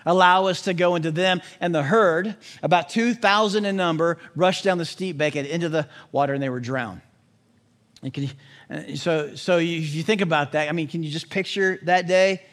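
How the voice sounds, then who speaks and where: Male preacher, high voice, lively and punny delivery, for a sermon read. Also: moderate pace. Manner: animated, joking with puns. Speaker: pastor.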